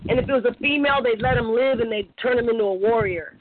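Woman, animated slangy storyteller, podcast chat, tinny phone line, faint hiss. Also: fairly high pitch, fast talker.

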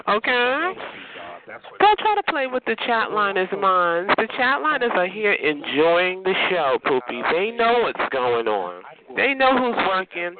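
Sassy guy roasting a caller on a chat line, calls everyone honey, high voice that swoops all over, tinny phone sound. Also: background noise.

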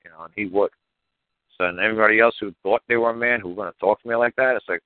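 A low-voiced man rattles along quickly, blunt and profane, leaning on "you know". His voice is dry and tinny, like a phone line. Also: steady tone, dry recording. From New York. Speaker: podcast guest. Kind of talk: casual storytelling.

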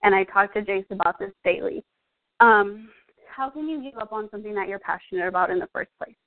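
A young fitness coach tells her own story a little fast at a middle pitch, sounding out of breath and close to tears. She's earnest and emotional, packing in "like" and "um", and the audio is thin and tinny like a phone line.

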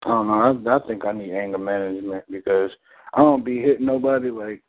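A man's voice: lowish voice, very animated, fast talker, creaky. A man on a community call, telling a story in a blunt, heated, profane way. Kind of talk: casual storytelling. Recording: phone-like call audio.

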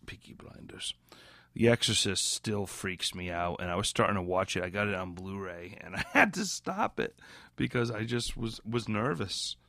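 A man's voice: fairly low pitch, gravelly, a bit bright, no echo. A drunk man hosting a podcast, rambling and giggly, who keeps drifting into mock British slang. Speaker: podcast host. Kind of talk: casual rambling podcast chat.

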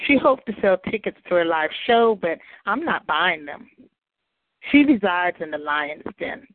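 A woman performing a sharp, accusing spoken word piece. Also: lowish voice, expressive, unhurried, no echo. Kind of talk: performance poetry. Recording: tinny phone line.

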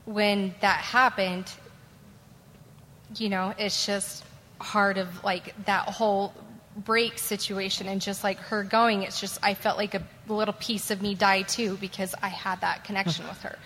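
A woman's voice: mid-range voice, little pitch movement, unhurried, a bit bright. A woman speaks with feeling, circling around her words with many fillers. A long hall reverb and faint noise sit behind her. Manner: emotional, rambling with fillers. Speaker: audience member at a fan panel. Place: convention panel room.

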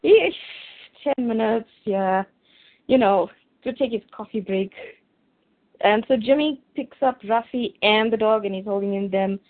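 A woman co-hosting a casual chat, recapping a comic in a lively, jokey way, heard over a tinny, phone-like recording. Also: a little high, unhurried. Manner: lively, laughs often, jokey. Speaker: podcast co-host.

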